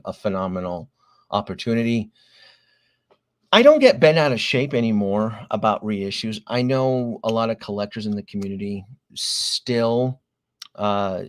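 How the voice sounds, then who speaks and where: A man hosting a casual livestream about collectible figures, talking in a rambling, chatty way and often apologizing to his viewers. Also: on the low side.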